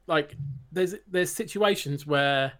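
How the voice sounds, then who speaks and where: A man with a somewhat high voice co-hosts a podcast. He explains a game at length in casual chat, looping back and restarting his sentences. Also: takes it slowly, a bit bright. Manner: rambling, restarting explanations with laughter. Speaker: podcast co-host and game reviewer.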